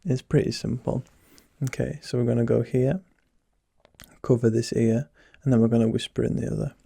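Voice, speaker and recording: This is a teasing-doctor role-play whispered by a young man whose soft, husky, low voice carries gravel and a dark mellowness. The mic sits close and dry with no room sound, and his intonation stays fairly even at a moderate pace.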